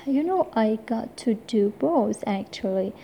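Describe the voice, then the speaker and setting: A woman voicing a man who tells, haltingly, about his vacation. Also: fairly high pitch, animated, gravelly, warm tone, a little hiss or hum. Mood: cheerful. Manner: halting, telling a story. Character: man back from a happy vacation.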